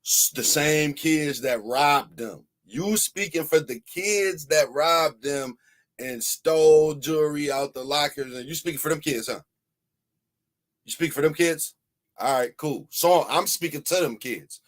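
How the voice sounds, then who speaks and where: A man hosting a reaction show, arguing back in casual commentary with slow, drawn-out emphasis. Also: a little high. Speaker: host reacting to a clip.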